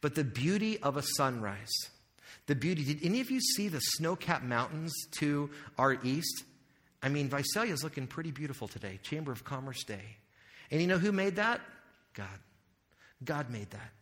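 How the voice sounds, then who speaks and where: Preaching in a conversational style, this male pastor poses questions to his listeners and drops in joking asides. He sounds a little high, expressive and fairly bright, speaking at normal speed, and the recording has a long hall reverb.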